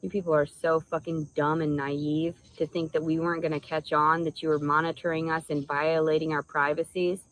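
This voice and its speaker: A woman's voice: sits low, flat delivery, a little fast, hardly any pauses, low-quality recording. A woman delivering an angry, profanity-laden vlog rant, insulting and rambling. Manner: furious, insulting, stream-of-consciousness. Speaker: vlogger.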